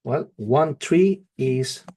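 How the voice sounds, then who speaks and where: A man teaching a Spanish lesson, slow and patient, repeating each phrase. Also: mid-range voice, lively intonation, mellow. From not from England. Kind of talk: slow spoken language lesson.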